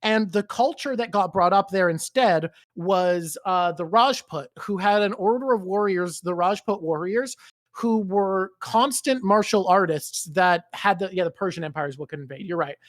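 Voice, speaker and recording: A man's voice: sits high, normal speed, no echo, studio quality. A man co-hosting a book club stream, rambling casually and swearing freely. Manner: rambling, swears freely, does silly voices. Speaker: streamer co-host. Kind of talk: casual chat.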